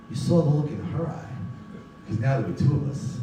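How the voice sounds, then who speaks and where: A man's voice: on the high side, normal speed, slight background noise. A middle-aged man giving a live talk, telling his own story and animatedly acting out the dialogue of the people in it. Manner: animated, acts out dialogue in voices. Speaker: guest speaker. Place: large synagogue hall. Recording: echoey hall, mic from far.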